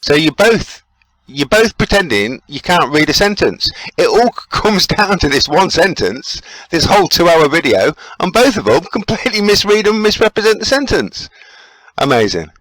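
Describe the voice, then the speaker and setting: A man's voice: a little high, very animated, normal speed, fairly bright tone, no echo. A man giving casual, sarcastic commentary, chuckling as he picks apart the wording of a played interview. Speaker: commentator fact-checking an interview.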